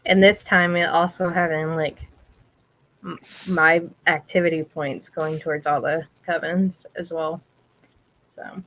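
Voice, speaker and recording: A woman's voice: low-pitched, steady tone, unhurried, a bit bright, poor audio. A woman joining a live chat, making short, laid-back remarks. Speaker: guest on a live call. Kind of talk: casual chat.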